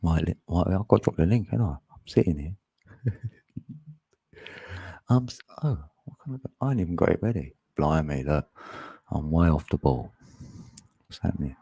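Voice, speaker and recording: A man's voice: low voice, moderate pace, vocal fry, pauses often, dark tone, slightly rough, no room sound. A man chatting casually on a live stream, laughing often and greeting viewers by name.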